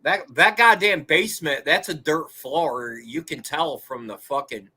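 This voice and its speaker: A man's voice: a little high, measured pace, sharp tone, husky. A man chatting casually and bluntly, heated and swearing freely. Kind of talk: casual profane chat.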